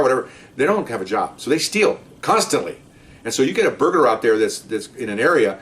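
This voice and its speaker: A man's voice: mid-range voice, far from the mic. A man telling police stories in a rambling, casual way, acting out the voices of people in them. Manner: rambling, restarts, acts out voices loudly. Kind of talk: casual storytelling.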